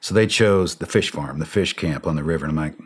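A middle-aged man, a former special operations soldier, telling a war story in a podcast interview, animated and blunt, acting out the dialogue. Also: rumbling low, fast talker, slightly rough.

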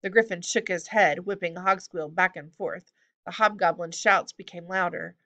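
A woman narrates a children's fantasy book in a steady, even manner. Her voice sits a little low but sounds bright and crisp. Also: moderate pace, muffled recording. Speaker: audiobook reader. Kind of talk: storybook narration.

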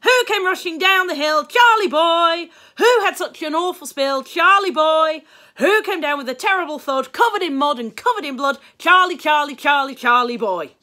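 A woman doing a shrill excited little boy. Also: normal speed. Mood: singing loudly. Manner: squeaky, loud, excitable.

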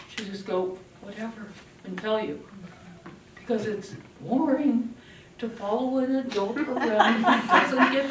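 An older woman giving a parenting talk to an audience, telling stories in an animated way and acting out children's voices. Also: a little high, echoey room, far from the mic, a little hiss or hum. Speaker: parenting speaker.

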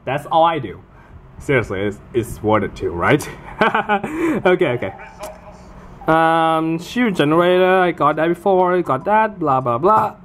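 An excitable gamer talks through their own match in casual let's-play commentary, jumping between short, broken phrases. The pitch leaps up and down a lot, and they swear and laugh easily. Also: unhurried, slight background noise.

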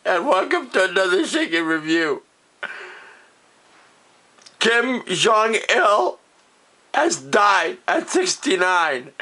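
Loud sarcastic man fake-crying. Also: sits high. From Canada. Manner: fake sobbing, shouting, sarcastic. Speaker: vlogger. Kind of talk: mock-grieving comedy rant.

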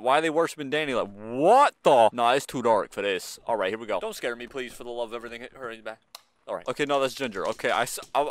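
A man hosting a horror game let's play, jumpy and excitable, chatting slangily to the characters on screen. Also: mid-range voice, dry recording. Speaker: gaming channel host.

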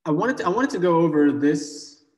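A man's voice: a little high, lively intonation, moderate pace. A man teaching a live online coding class in a casual, joking way, with many fillers and restarts. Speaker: coding bootcamp instructor. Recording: echoey room with long reverb.

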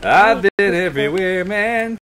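Young guy yelling and laughing through an online match, bright voice, bit of hiss. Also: high voice, unhurried. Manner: excitable, laughs a lot, yelps when he dies. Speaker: gamer host. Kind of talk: excited gameplay commentary with friends.

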